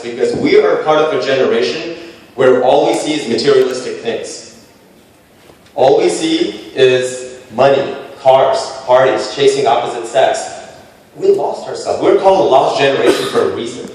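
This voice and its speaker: A man in his late twenties telling a personal story to a panel, animated and self-deprecating, with punchy repeated phrases. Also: mid-range voice, normal speed. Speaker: speaker pitching to a panel. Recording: echoey hall, voice from far off.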